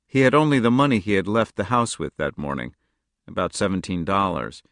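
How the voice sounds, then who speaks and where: A man narrating a novel in a steady, measured audiobook reading, close to the mic. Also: deep voice, creaky, dry recording. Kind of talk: scripted narration.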